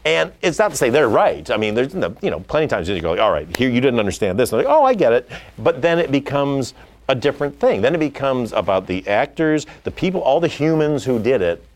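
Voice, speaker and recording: A man's voice: mid-range voice, brisk. A middle-aged man, a film director, talking casually in an interview and acting out quotes as he tells stories. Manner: animated storytelling, acting out quotes. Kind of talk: conversational interview.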